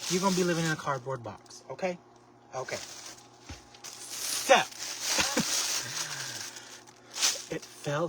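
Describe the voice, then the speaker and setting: A man's voice: medium pitch, recorded from a distance. Sassy chatty man livestreaming. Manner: chatty, sassy and expressive, with frequent exclamations. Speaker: livestream host making a craft basket. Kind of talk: casual livestream chat with viewers. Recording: steady background noise.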